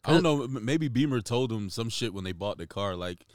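A man's voice: mid-range voice, animated, a little fast, dry recording, clean studio sound. A man co-hosting a casual podcast, slangy and laughing often, with swearing. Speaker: podcast co-host.

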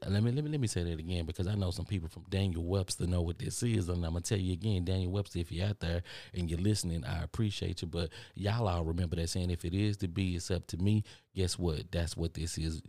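Texan male podcast host, low and gravelly, preachy and repetitive, dry sound. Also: fairly even intonation, fairly quick, few pauses, dark tone, no echo. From Texas. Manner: rambling, repeats phrases, preachy. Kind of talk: motivational monologue. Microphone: studio microphone.

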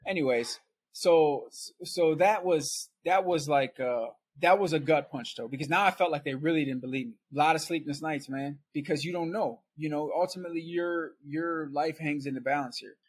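A man's voice: fairly high pitch, moderate pace, breathy edge. A man guest on a podcast, telling his story in a casual, conversational way and checking in with "right?".

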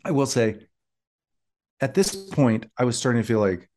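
A man's voice: mid-range voice, normal speed, a little hiss or hum. A man co-hosting a TV rewatch podcast in casual chat, acting out imagined reactions as he makes his points. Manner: animated, acts out imagined reactions in little voices. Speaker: podcast co-host.

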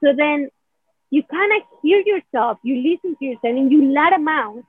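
A woman's voice: high-pitched, lively intonation, normal speed, no echo. A woman explaining a healing technique in casual conversation, rambling, saying "right?" a lot and acting out feelings in quoted asides. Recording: dry, phone-like narrow sound.

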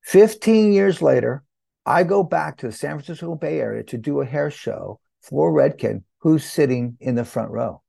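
An older man, a hair educator, guest on an interview, telling his story with animated storytelling and acted-out dialogue. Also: a little high, normal speed, creaky, husky, no echo. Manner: animated storyteller who acts out quoted dialogue.

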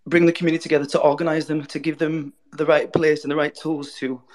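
A man's voice: fairly high pitch, flat delivery, fast talker, a little mellow. Emotional, rambling man in a casual audio chat. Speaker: guest speaker in an online audio room.

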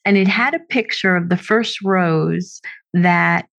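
A woman's voice: lowish voice, slow pace, gravelly, a bit bright. A woman hosting an interview podcast, answering her guest with sympathetic remarks. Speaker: podcast host. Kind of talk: interview conversation. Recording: slightly dull lo-fi sound.

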